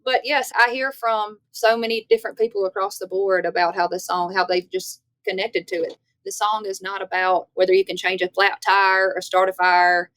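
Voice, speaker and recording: A woman's voice: mid-range voice, normal speed, few pauses, smooth, dry recording. Chatty Louisiana woman, dry close sound. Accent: Louisiana Southern. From Northeast Louisiana. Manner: lively, chatty storyteller. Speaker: guest, country singer. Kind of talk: casual interview chat.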